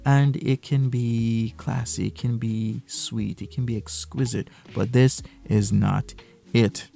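A man's voice: mid-range voice, steady tone, slow pace, gravelly, over music. A man hosting a reaction commentary video, mocking and full of rhetorical questions. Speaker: commentary YouTuber.

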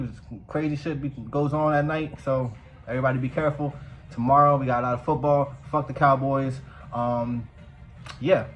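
A man vlogging casually, telling a story in a profane, animated way. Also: medium pitch, low-quality recording.

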